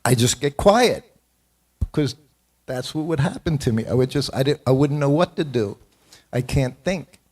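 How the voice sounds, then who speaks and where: A man's voice: medium pitch, animated, normal speed, pauses often, darkish tone. A man in his seventies giving a morning temple class, telling personal stories in an anecdotal, self-deprecating way and chuckling often. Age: 70s. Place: temple hall.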